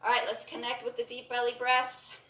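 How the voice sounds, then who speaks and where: A woman leading a breathing and stretching class, giving calm, encouraging cues and repeating them often. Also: on the high side, a little fast, far from the mic. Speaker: breathing and movement instructor. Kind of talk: guided exercise instruction. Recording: roomy sound from off the mic.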